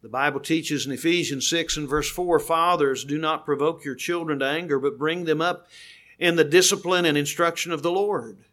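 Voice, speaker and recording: An older man preaching a sermon, earnest and slowing down to stress key words. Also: a little high, a bit bright.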